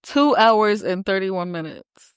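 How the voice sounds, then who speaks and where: A woman's voice: mid-range voice, lively intonation, slow pace, clean tone, dry recording, clean studio sound. A young woman hosting a casual podcast, chatty and teasing, bossing her co-host around between fillers.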